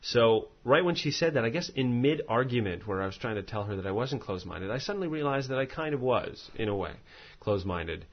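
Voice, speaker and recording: A man's voice: mid-range voice, expressive, fairly quick, hardly any pauses, muffled recording. A man hosting a podcast, chatting casually and reading listener mail aloud in a rambling, self-mocking way that often stumbles over words. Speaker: podcast host.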